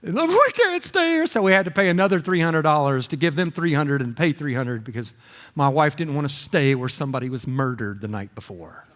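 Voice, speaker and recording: A man's voice: medium pitch, brisk. A middle-aged man preaching a sermon, telling stories with comic voices. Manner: animated storytelling with comic voices. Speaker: pastor. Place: church auditorium. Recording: long hall reverb.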